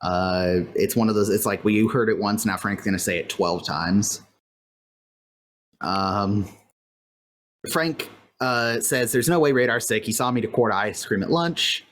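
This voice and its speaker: Recapping a TV episode on a podcast, this Californian co-host talks at a measured pace in a mid-range voice. The delivery is loose and rambling, packed with fillers, over a faint fan or air-conditioner hum.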